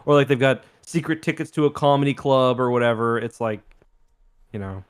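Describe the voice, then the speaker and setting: A man's voice: medium pitch, brisk, smooth. A man from Canada co-hosting a podcast, telling rambling stories in casual chat with some swearing. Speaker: podcast co-host.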